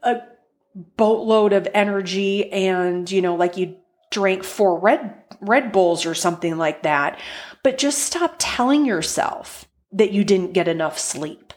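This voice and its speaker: A woman's voice: medium pitch, measured pace. A woman life coach hosting her own podcast, talking to listeners in a chatty, encouraging way and acting out everyday complaints. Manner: chatty, encouraging, acts out quoted thoughts. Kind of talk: solo podcast talk.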